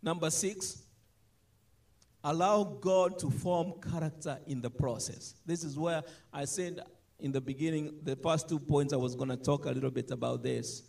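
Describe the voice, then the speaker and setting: A man preaching a sermon, animated, swinging between loud emphatic lines and soft asides. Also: a little high, moderate pace, creaky.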